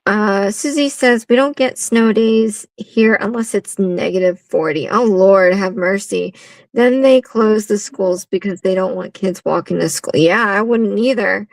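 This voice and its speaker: A woman's voice: mid-range voice, unhurried, vocal fry, no echo. A woman hosting a live nail art stream, chatting casually, laughing often and reading viewer comments aloud.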